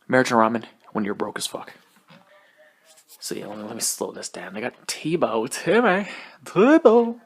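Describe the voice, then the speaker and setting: A young man hosts his own podcast alone, rambling loosely from one thing to the next. He swears freely, laughs often and rushes his words. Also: medium pitch, a bit bright. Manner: profane, rambling, laughs often, talks fast. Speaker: podcast host. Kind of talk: casual solo podcast rant.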